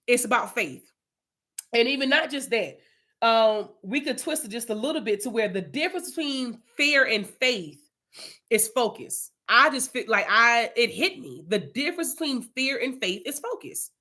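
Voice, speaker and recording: A woman's voice: on the high side, sharp tone. A young woman leading an informal Bible study, chatty and casual, telling personal testimony.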